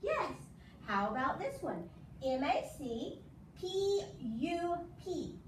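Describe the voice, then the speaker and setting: Woman, math teacher, coaxing, drilling call-and-response, high lively voice, roomy echo. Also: takes it slowly. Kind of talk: casual home math lesson. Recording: echoey room from far off, faint background noise.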